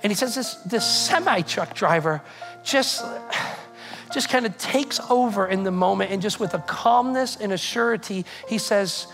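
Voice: mid-range voice, moderate pace, fairly bright tone, soft background music, poor audio. A pastor preaching a sermon, telling a story earnestly and often repeating words while restarting sentences.

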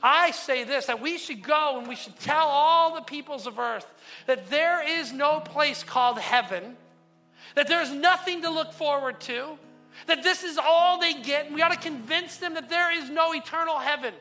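A man voicing a boastful male demon pitching his scheme. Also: moderate pace, sharp tone, faint music behind, heavily acted. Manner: boastful, insistent. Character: cocky male big-shot demon with a plan.

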